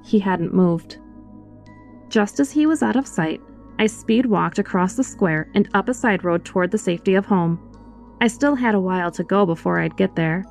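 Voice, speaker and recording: This is a woman's mid-range voice performing a scripted, expressive reading of a horror story told in the first person, backed by faint music.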